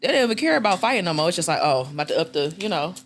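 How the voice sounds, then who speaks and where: A woman hosting a casual podcast, telling stories with profanity and acted-out quotes. Her pitch swings widely as she talks. A faint noise sits under the voice. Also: very fast. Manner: animated, profane, acts out quotes in a jumping pitch. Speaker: podcast host. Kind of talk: casual storytelling chat.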